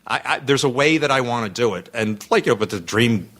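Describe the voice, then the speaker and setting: A man's voice: mid-range voice, expressive, fairly quick, a bit bright. A man chatting as a podcast guest, telling a rambling anecdote full of restarts and self-interruptions.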